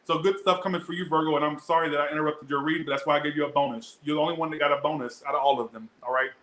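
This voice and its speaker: A man's voice: a little high, fairly even intonation, rapid-fire, a bit bright, roomy sound, low-quality recording. Blunt, chatty tarot reader man. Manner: chatty, blunt and profane, talks straight to viewers. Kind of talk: casual tarot reading to camera.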